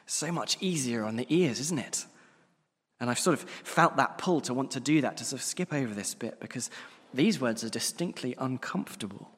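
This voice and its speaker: A man's voice: mid-range voice, animated, moderate pace, fairly bright tone, slightly rough, in a large hall. A man preaching a sermon in an earnest, emphatic way, often repeating key phrases for weight.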